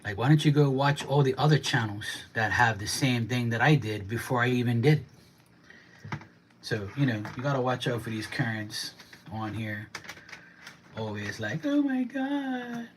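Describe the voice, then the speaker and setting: A man's voice: medium pitch, fairly even intonation, normal speed, slight background noise. A man livestreaming from his home kitchen, chatting casually and ranting bluntly while he cleans up and preps lobsters. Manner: blunt, ranting, swears freely.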